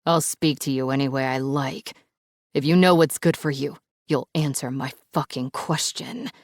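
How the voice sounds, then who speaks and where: A woman's voice: low voice, steady tone, unhurried, gravelly, slight background noise. A woman voicing a furious, threatening man who growls and swears at someone over the phone in an audiobook. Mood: angry, menacing. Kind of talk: audiobook narration.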